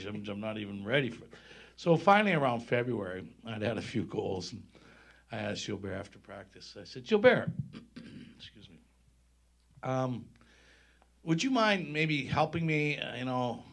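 Man telling lively hockey stories on stage. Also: mid-range voice, slightly rough. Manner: lively anecdotes, laughs through punchlines. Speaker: former hockey player, guest speaker. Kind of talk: animated storytelling at a live event. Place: on stage at a public event.

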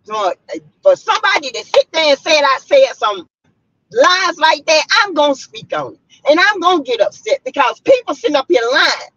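A woman from South Carolina preaches and rants hard at her viewers from inside her car, fiery and blunt. Her voice sits high and swings widely up and down. The sound is dull and lo-fi, with a dry, close feel. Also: sing-song, moderate pace, fairly bright tone, no echo. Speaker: vlogger. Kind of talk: heated rant to viewers.

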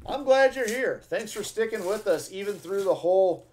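A high-pitched man at a moderate pace hosts a live coin-hunting stream. He chats casually and excitably with viewers in slang, his easygoing talk interrupted by loud bursts of cheer.

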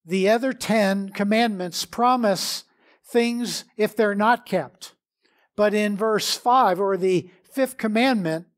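High-voiced man preaching a sermon. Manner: measured preaching with prayer and scripture reading. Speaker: pastor.

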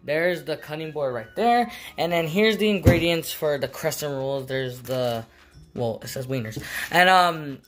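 A woman's voice: sits low, a little slow. A woman chatting casually to camera in a home kitchen, rambling and giggling, with lots of fillers. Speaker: vlogger.

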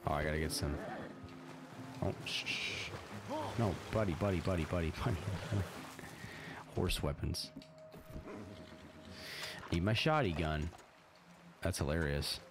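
A man doing casual let's-play commentary, excitable, swearing a lot, laughing often and talking to his character. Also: deep voice, slow pace, long pauses, background noise. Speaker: gaming streamer. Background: game music.

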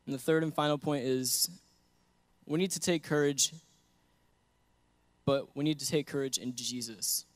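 A man's voice: medium pitch, fairly even intonation, a little slow, long pauses, no room sound. A young man giving an earnest sermon that mixes scripture with a personal story, often laughing between points. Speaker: guest preacher.

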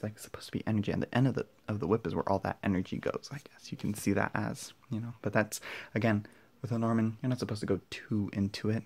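A young man unboxing and walking through a card deck at home, excitable and gushing, often dropping to a hushed voice so his family won't hear. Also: lowish voice, gravelly, breathy edge. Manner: excitable, gushing, drops to whispers; talks quietly with family nearby. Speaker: tarot vlogger. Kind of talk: casual unboxing vlog. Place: indoor room at home.

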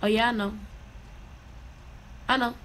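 A woman's voice: fairly high pitch, fairly even intonation, a bit bright, slight background noise, low-quality recording. A woman angrily ranting on social media, swearing and repeating herself. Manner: angry, profane, fast.

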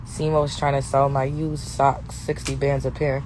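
Hoarse young woman on a phone live from a tour bus, brash, cussing and laughing a lot. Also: rumbling low, flat delivery, a little slow, noisy background. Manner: brash, profane, laughing often. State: hoarse, lost her voice. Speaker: livestream host. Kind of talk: casual live Q&A chat. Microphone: phone held for a social-media live stream.

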